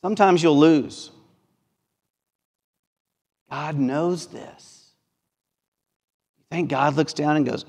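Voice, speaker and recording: A man's voice: a little high, slow pace, long pauses, darkish tone. A man with a Mississippi accent preaching a sermon as pastor, earnest and building through repeated phrases. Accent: Mississippi Southern. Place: church sanctuary. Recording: long church reverb.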